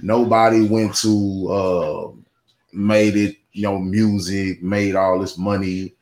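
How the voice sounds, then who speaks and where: Man, fairly low voice, casual podcast chat, rambling, roomy echo. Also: level tone, slow pace, darkish tone. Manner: rambling, with many restarts and "you know what I'm saying". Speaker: guest.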